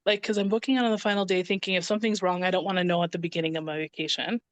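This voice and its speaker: A woman's voice: lowish voice, rapid-fire, no echo. A woman in her thirties, a podcast guest, telling a personal story in casual conversation and acting out what others said. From Canada (Ontario). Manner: animated, acts out quoted dialogue.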